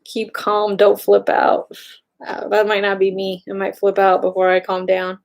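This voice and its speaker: An excitable woman chatting casually, gushing while she browses online. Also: mid-range voice, measured pace. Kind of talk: casual chat.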